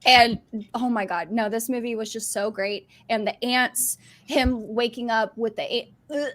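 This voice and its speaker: A woman with a fairly high voice talks in an excited, gushing rush. She keeps circling back with "like" as she chats. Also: measured pace. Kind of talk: casual chat.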